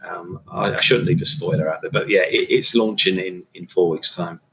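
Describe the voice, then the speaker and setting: Deep voiced guy, middle aged, runs a catering firm, rambly with lots of ums, bit of hiss behind. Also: normal speed. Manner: relaxed, rambling, many fillers and restarts. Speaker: catering business owner. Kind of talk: casual interview talk.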